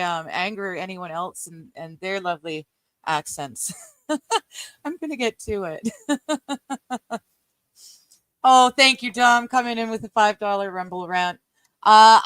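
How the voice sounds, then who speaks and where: A woman's voice: mid-range voice, fairly bright tone, no echo. Middle-aged Canadian woman, streamer chatting with viewers, rambling and giggly, lots of ums, dry close-mic sound. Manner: chatty and rambling, laughs often, many ums. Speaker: live-stream host reading a book aloud. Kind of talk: casual live-stream chat with viewers.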